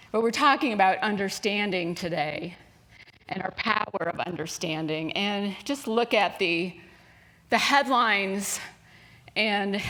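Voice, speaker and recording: A woman's voice: mid-range voice, fairly bright tone. Conversational woman minister giving a talk. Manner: conversational, storytelling with asides. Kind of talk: sermon. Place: spiritual center sanctuary.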